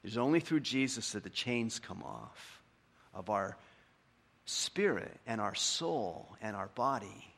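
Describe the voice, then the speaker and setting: A male pastor preaching a sermon, building to fervent emphatic peaks and then dropping soft and slow for scripture. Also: fairly low pitch, animated, creaky, slightly rough.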